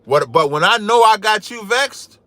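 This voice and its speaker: A man hosting a livestreamed podcast, talking loudly and boastfully, trash-talking and reading scripture aloud. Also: high voice, expressive, moderate pace, no room sound. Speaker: podcast host.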